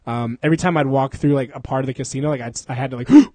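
A man's voice: mid-range voice, steady tone, racing, a little mellow, no room sound. A man casually telling a story as podcast host, swearing freely, laughing often and acting out the people in it.

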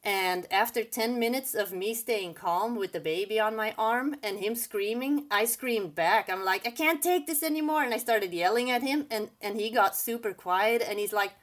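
Woman guest, young adult, earnest halting storytelling, medium pitch, candid conversational tone. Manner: earnest, halting, with frequent restarts. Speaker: guest sharing personal story.

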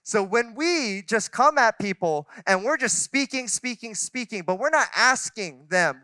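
Male pastor, forties, candid storyteller with restarts; bright, crisp tone. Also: very high voice, expressive, a little slow, few pauses, no room sound. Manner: conversational, self-deprecating storytelling with many restarts. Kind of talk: sermon. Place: church sanctuary.

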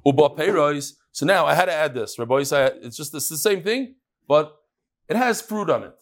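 A man teaching a Talmud class, reading Aramaic lines and explaining them in English in a lively, questioning way. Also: a little high, moderate pace.

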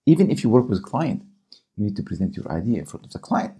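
A man's voice: fairly low pitch, sing-song, fast, mellow, breathy edge. A man giving coaching advice to camera in a vlog, often checking in with his viewers. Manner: coaching, keeps checking in with "okay?" and "right?". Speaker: small business YouTuber.

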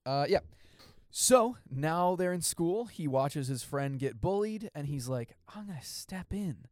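Casting: male podcast co-host, animated, dead-dry close recording. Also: fairly high pitch, measured pace, no room sound. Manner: animated, mimics bad line readings. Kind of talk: casual film review chat.

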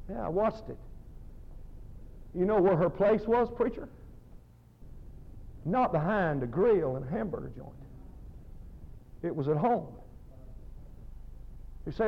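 A man's voice: sits high, expressive, slow, vocal fry, long pauses. A man preaching a fiery, folksy sermon full of stories. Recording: muffled lo-fi sermon recording.

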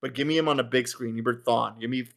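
A man's voice: medium pitch, steady tone, fast, vocal fry, fairly bright tone. A man co-hosting a casual podcast, rambling with plenty of restarts and repeated words. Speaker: podcast co-host.

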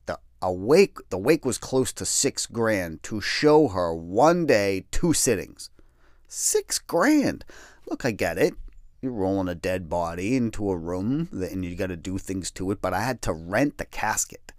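A middle-aged man telling a personal story in a candid, wry and self-deprecating way, swearing casually and finding dark humor in grief. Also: sits low, big pitch swings, a little slow, dry recording, clean studio sound. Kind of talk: personal storytelling, darkly comic.

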